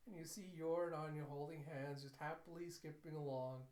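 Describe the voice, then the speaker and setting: A man's voice: a little high, fairly even intonation, a little fast, few pauses, a little mellow. A young man giving a casual, chatty recap of an anime episode as a reviewer, retelling scenes line by line. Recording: roomy echo.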